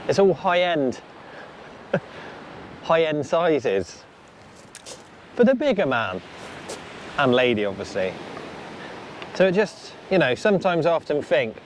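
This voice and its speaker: A man's voice: fairly high pitch, very animated, slow, pauses often, slight background noise. A man hosting a fishing vlog, chatting casually and upbeat as he gives friendly advice outdoors on a beach. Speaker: angler and channel host.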